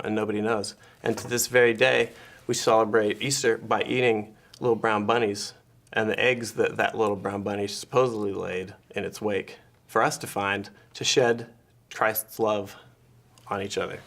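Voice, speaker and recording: Deadpan man co-hosting a comedy show. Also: on the low side, normal speed. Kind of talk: comedic chat, mock-solemn storytelling.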